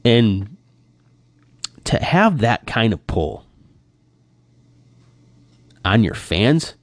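A man's voice: fairly low pitch, very slow, no echo. A middle-aged man talking casually to camera, retelling a movie reaction with lots of "like" and acted-out quotes. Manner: animated, acting out quoted reactions, heavy use of "like". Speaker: vlogger.

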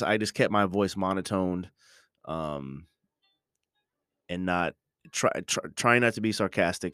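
A man's voice: deep voice, fairly bright tone, dry recording, studio quality. A middle-aged man hosting a podcast, talking in a casual, reflective monologue full of restarts and ums. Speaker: podcast host.

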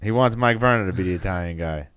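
Chill podcast guy, smooth voice, dry mic. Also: low-pitched, quick pace, a bit bright, dry recording. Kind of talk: casual chat.

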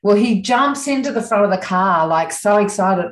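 A woman's voice: mid-range voice, normal speed. Chatty woman, echoey room. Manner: chatty, animated, laughs often. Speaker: interview guest. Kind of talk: casual storytelling.

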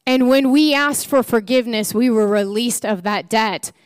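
A woman preaching a sermon, telling a parable with playful, animated rhetorical questions. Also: on the high side, moderate pace, smooth, no room sound, clean studio sound. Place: church.

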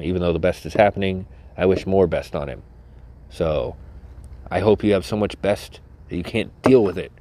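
A man with a low, slightly mellow voice hosts a solo podcast. He rambles, keeps restarting himself, and swears constantly.

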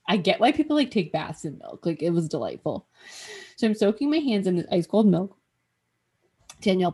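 A woman hosting a podcast, telling a story in casual chat, animated, swearing freely and acting out what she said. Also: on the low side, slightly rough. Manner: animated, swears freely, acts out her own past remarks. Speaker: podcast host.

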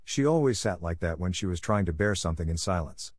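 A man narrating a classic novel as an audiobook in a steady, even telling. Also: low-pitched, fairly quick, no echo.

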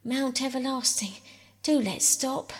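A woman's voice: high voice, measured pace, voice pushed up. A woman voicing Phyllis, a small, contrary and plaintive girl, in a storybook reading.

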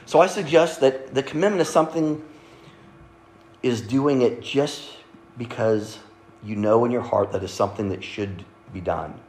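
A man preaches to his congregation in an easy, conversational manner, tossing in little asides to check that they follow. His voice sits at a middling pitch. The sound carries the roomy echo of a church sanctuary. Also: moderate pace, darkish tone, slight background noise. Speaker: pastor. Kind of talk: sermon. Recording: echoey church room.

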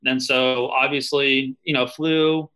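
Bright-voiced man telling army stories. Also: medium pitch, level tone, slow, smooth, low-quality recording. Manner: loose, profane, lots of fillers and asides. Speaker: army veteran guest. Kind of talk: casual storytelling interview.

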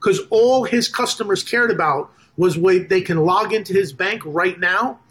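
A business funder tells a story during a casual podcast interview, speaking at a normal speed in a high voice. He rambles and restarts, animatedly acting out the conversations he quotes.

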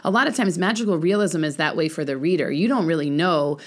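A woman with a low voice explains a novel's themes to her class. She is thoughtful and careful, and she softens her points with lots of "kind of.". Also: fast talker. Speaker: teacher. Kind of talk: book discussion.

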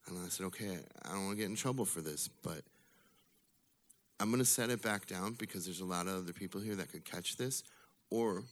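A man's voice: low voice, fairly quick. A man telling a wry, profane personal story at a bar open mic, in a casual manner. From Illinois. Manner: casual, wry, swears freely. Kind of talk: live storytelling. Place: bar with live audience.

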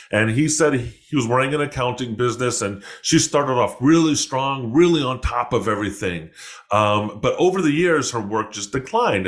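A man hosting a podcast, telling a personal story in a rambling, self-correcting way, with lively voices when he quotes people. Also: on the low side. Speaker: podcast host. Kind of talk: casual storytelling.

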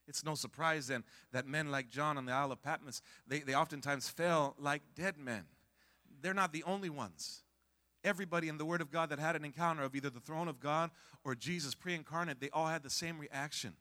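A high-voiced man preaches from the pulpit in a piercing, ringing tone. He calls out to the congregation for answers and keeps swinging between hushed stretches and loud peaks. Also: a little fast. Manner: stumbles and repeats words when worked up. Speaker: pastor. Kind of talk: sermon.

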